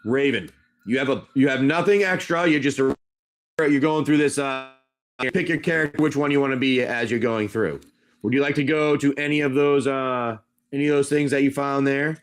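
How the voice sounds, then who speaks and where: A man's voice: medium pitch, normal speed. A man improvising tabletop game narration on a live stream as game master. He rambles and corrects himself as he goes. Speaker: game master and livestream seller.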